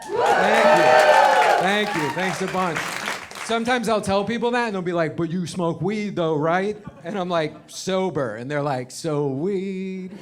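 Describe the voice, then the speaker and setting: A man in his thirties performs stand-up in front of a live audience, with a high, bright voice. He swears freely and jumps in and out of acted-out characters with lots of energy. A clear layer of noise sits behind him in the room. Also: a little slow, over a noisy crowd. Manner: animated, profane, acts out voices. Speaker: stand-up comedian. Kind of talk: stand-up comedy set. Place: comedy show with live audience.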